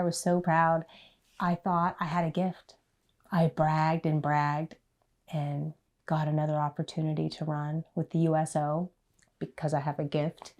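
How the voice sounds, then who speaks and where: Low-voiced middle-aged woman, earnest storyteller. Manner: earnest, self-deprecating, voice swings from hushed to loud. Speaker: interviewee in a documentary. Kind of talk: candid personal storytelling.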